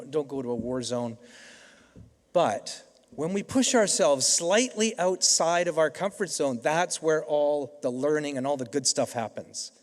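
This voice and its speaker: A middle-aged Canadian man giving a convocation keynote, telling stories in a conversational way with frequent restarts. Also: on the high side. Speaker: keynote speaker. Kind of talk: convocation speech. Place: large hall. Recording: reverberant hall.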